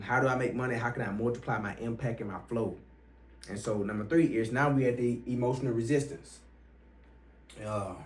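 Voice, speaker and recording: Profane, emphatic man coaching on money mindset. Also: medium pitch. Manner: profane, emphatic, bursts louder on key points. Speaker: online business coach. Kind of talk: motivational money-mindset talk. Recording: roomy, from some distance.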